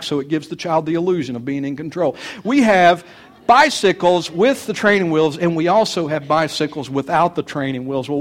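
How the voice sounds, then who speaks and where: An older man, a pastor, preaching a sermon to parents in an earnest, folksy way, mixing homespun stories from his own family with plain advice. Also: fairly high pitch.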